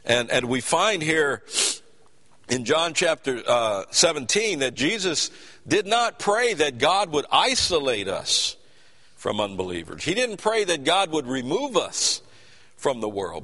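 A man's voice: medium pitch, bright, forceful tone, big-room sound. A man preaching a sermon in an earnest, emphatic way, often repeating words as he builds his point.

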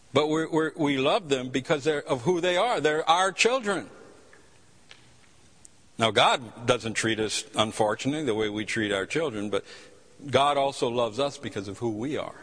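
A man's voice: mid-range voice, a bit bright, breathy edge. A man preaching a sermon, telling stories passionately with frequent restarts. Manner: impassioned storytelling preacher with repeated restarts. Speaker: pastor. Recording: long hall reverb.

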